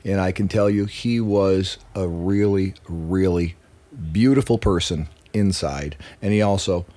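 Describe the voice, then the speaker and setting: Deep-voiced man telling animated stories. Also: unhurried. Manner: animated, swears freely, acts out quotes. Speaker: musician guest. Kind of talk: casual interview storytelling.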